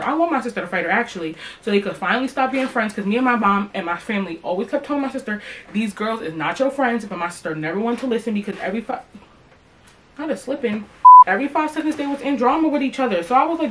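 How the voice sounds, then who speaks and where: Profane animated young woman storyteller. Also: mid-range voice, quick pace, slight background noise, poor audio. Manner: profane, animated, talks straight to viewers. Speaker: storytime vlogger. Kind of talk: casual storytime monologue.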